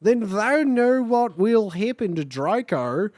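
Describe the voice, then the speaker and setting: A woman's voice: medium pitch, sing-song, slow, darkish tone, no echo, clean studio sound. A woman voicing an evil noseless male wizard villain in a put-on Australian accent, speaking mock-archaic lines in an exaggerated, theatrical way. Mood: threatening.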